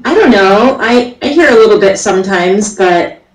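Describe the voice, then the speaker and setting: A woman's voice: medium pitch, expressive, moderate pace, echoey room, poor audio. A woman from the United States, an easygoing guest who chats casually and laughs often. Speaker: guest caller. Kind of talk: casual chat.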